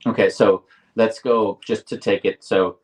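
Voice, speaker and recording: A man co-hosting a live talk show, explaining ideas deliberately and often restarting his phrases. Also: on the low side, fairly even intonation, distant mic, low-quality recording. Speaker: podcast co-host. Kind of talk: reflective conversational explaining.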